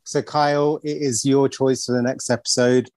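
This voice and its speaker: A man's voice: medium pitch, little pitch movement, moderate pace, darkish tone. A man co-hosting a film podcast, talking in a rambling way and often repeating himself as he looks for the words. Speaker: podcast co-host. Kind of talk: casual chat.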